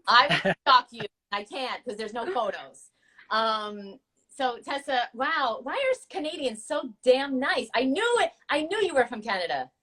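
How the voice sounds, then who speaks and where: A woman's voice: fairly high pitch, big pitch swings, measured pace, pushed and bright. A woman co-hosting a casual chat show, gushing and playful as she talks. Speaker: co-host.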